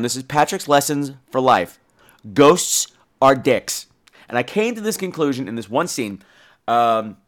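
Animated, lively-voiced male podcast host. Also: fairly high pitch. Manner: animated, jokey, swears casually. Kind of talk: casual film review.

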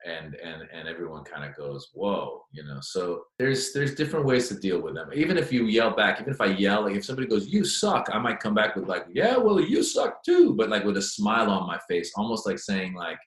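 A man, a stand-up comedian, answering interview questions in an animated, chatty storytelling way. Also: low voice, quick pace, hardly any pauses. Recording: echoey room.

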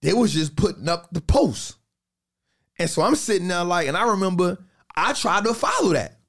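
A man in a casual podcast chat, telling stories in an animated, slangy way and repeating phrases for emphasis. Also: sits high, normal speed.

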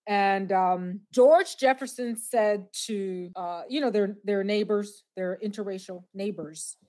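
A woman co-hosting a podcast in casual chat, reacting with quick exclamations and retelling stories. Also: mid-range voice, mellow. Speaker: podcast co-host.

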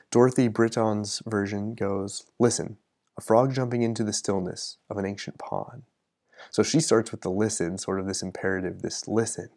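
A man hosting a podcast, talking in a reflective, casual way and reading short poems slowly and deliberately. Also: fairly low pitch, darkish tone. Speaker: podcast host. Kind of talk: thoughtful casual podcast talk.

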